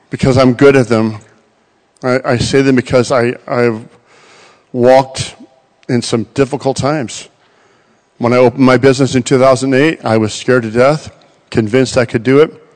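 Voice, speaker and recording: A middle-aged man preaching a sermon, animated and storytelling, acting out quoted voices. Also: mid-range voice. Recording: long hall reverb.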